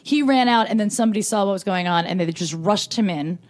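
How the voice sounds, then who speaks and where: A woman telling a long, animated story as a guest on a comedy podcast. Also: medium pitch, fast talker. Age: 20s. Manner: animated storyteller who acts out shouted quotes.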